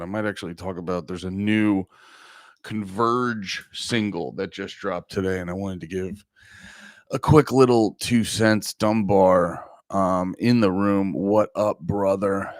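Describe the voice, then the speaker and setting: Groggy, rambling podcast host, dry sound. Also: male voice, deep voice, no echo. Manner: rambling, profane, talks to chat. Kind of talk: casual livestream chat.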